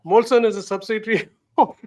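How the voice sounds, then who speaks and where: A man hosting a casual tech and business chat, speaking in a measured, thoughtful way. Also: high voice, steady tone, a little mellow. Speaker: host.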